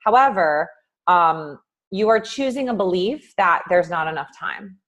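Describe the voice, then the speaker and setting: On a casual livestream, a woman life coach gives a motivational talk, acting out inner voices with big jumps in pitch and loudness. She's animated but unhurried, and says "um" a lot.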